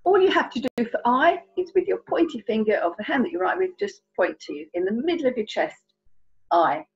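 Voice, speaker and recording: Lively, husky British woman teaching signs. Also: fairly high pitch, fairly quick, lo-fi sound. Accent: British English. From England. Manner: chatty, playful, encouraging, demonstrating hand signs. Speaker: sign language tutor. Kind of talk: children's signing lesson.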